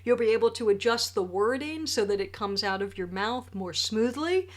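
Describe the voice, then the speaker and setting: Animated woman in her forties giving tips. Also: fairly high pitch, normal speed. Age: 40s. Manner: animated, jokey and emphatic. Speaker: wedding speech writer. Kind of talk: direct-to-camera tips video. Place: home studio with a ring light.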